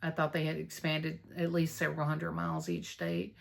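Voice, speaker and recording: A woman's voice: low voice, completely flat delivery, normal speed, vocal fry, few pauses. A woman, chatting casually to camera in a stitching vlog, rambling through her news. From North Texas. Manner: chatty, rambling, warm about friends, with fillers. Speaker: Flosstube vlogger.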